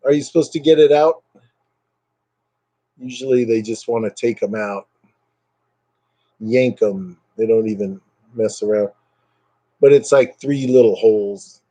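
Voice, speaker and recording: Low-energy man chatting on a livestream. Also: unhurried, long pauses, mellow, no echo. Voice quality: voice a bit fried. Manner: rambling and chatty, reading out viewer comments, drifting into brief impressions. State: low energy, recovering from illness. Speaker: livestream host chatting with viewers. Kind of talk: casual livestream chat. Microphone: computer webcam mic.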